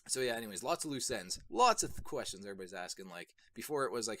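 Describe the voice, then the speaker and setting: A young man reviewing an anime episode on his channel, rambling casually with lots of fillers and bursts of excitement. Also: medium pitch, fast, few pauses, no room sound. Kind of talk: casual solo video review.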